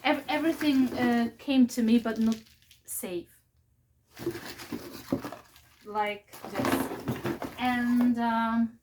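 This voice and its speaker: Slow-talking rambling woman vlogger. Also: fairly high pitch, darkish tone. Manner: emotional, rambling, with halting restarts. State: unwell, recovering from side effects. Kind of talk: casual unboxing vlog.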